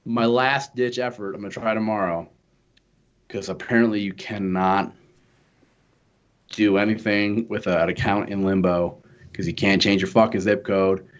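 A man's voice: fairly low pitch, moderate pace. Exasperated young man ranting, lo-fi. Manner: exasperated, profane, animated retelling. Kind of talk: casual storytelling rant.

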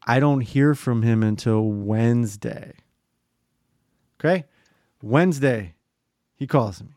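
A man's voice: mid-range voice, slow, no room sound, studio quality. A man in his thirties telling a long story in casual chat, swearing freely and acting out other people's lines. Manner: profane, animated, mimics other people in quotes.

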